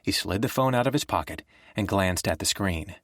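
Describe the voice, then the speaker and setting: Low-voiced male audiobook narrator. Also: no echo, clean studio sound. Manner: even, measured storytelling.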